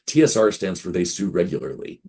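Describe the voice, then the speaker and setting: A man's voice: low-pitched, very animated, a little fast, vocal fry, dark tone, breathy edge. A man in his fifties, a game publisher guest on an interview, rambling through anecdotes and acting out quoted dialogue. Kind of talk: casual interview storytelling.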